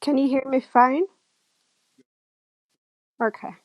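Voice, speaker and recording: A woman's voice: high voice, fairly even intonation, slow pace, darkish tone, dry recording. A woman chatting casually on a live video call, laughing often and self-conscious about her own voice. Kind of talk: casual live-stream chat.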